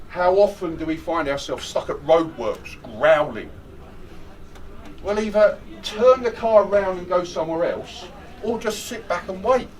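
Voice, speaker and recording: A man leads a workshop in a lively, jokey way, with a slightly high voice that swings up and down. He keeps asking his audience questions. He is recorded from a distance, with faint noise in the room. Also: measured pace. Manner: animated, jokey, chatty, asks the audience questions. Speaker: workshop trainer on stress management. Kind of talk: lively interactive workshop talk.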